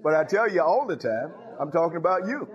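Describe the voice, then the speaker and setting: A man's voice: a little high, sing-song, fairly quick. A man preaching a sermon in a conversational, teasing way, laughing and making asides to the congregation. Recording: dull lo-fi recording.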